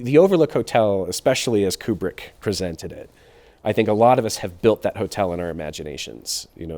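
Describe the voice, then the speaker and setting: A film director answers interview questions in a reflective manner, often pausing on fillers. His voice is a little lower than average. He sounds thoughtful and measured. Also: darkish tone.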